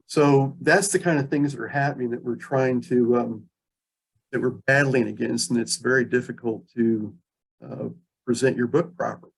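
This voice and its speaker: A man's voice: mid-range voice, fairly even intonation, normal speed, gravelly, breathy edge. A man hosting an online reading on a video call, praising his guest and chatting in a rambling way. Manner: warm, rambling, full of praise. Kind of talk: casual interview.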